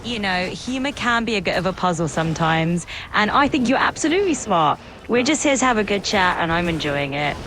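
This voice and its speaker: A woman's voice: medium pitch, big pitch swings, brisk, few pauses, noisy background. A text-to-speech woman's voice as an AI assistant, cheerful and agreeable, sometimes slurring its words. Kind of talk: upbeat chatbot replies.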